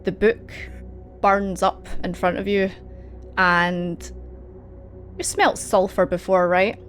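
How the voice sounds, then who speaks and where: A woman's voice: medium pitch, level tone, slow pace, fairly bright tone, soft background music. A woman narrating as game master, hesitating often over fillers and laughing between lines. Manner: hesitant, filler-heavy, giggly.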